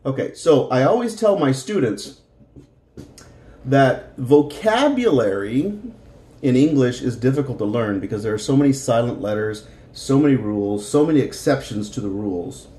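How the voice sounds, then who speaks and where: A man's voice: medium pitch, animated, normal speed, dark tone, echoey room. A middle-aged man teaching a Spanish lesson, patiently explaining grammar and repeating words for practice.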